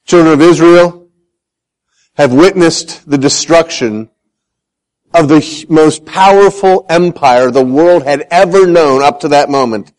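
A man's voice: on the high side, a little slow, low-quality recording. A man preaching a sermon, telling Bible stories with self-deprecating humor and acting out the voices he quotes. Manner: animated, acts out quoted voices.

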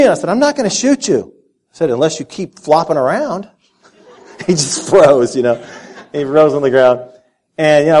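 A middle-aged man from Texas preaching a sermon and telling a lively personal story, often repeating words as he goes. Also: a little high. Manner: animated storyteller, repeats words while speaking. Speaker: pastor.

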